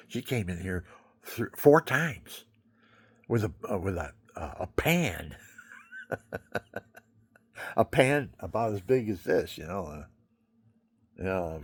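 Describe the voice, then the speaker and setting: A man's voice: sits low, breathy edge, dry recording. An older man with a stuffy nose, rambling chattily at home in a casual vlog and showing things as he talks. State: stuffy nose, talking through his nose.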